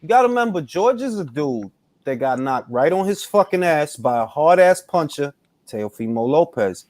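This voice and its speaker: A man's voice: a little high, very animated, moderate pace, darkish tone, no room sound. Man, host, casual panel chat, emphatic, slangy, dry close sound. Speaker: podcast host.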